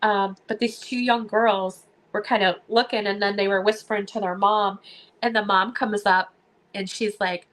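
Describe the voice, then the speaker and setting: A woman hosting a live stream, telling stories in a casual chat, animated and laughing often as she acts out what people said. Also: mid-range voice, normal speed.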